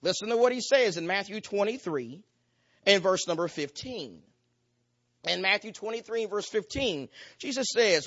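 A man with a high voice preaches a sermon. He repeats his points and pushes his delivery harder as he goes. The recording sounds dull and lo-fi. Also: lively intonation, normal speed, fairly bright tone. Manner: emphatic, repetitive preaching cadence with rising intensity.

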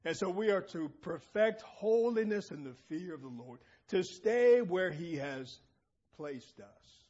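Male preacher, fairly high husky voice, emphatic sermon style, dull lo-fi recording. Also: expressive, measured pace, darkish tone. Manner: emphatic, calls out to the congregation with questions. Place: church assembly hall.

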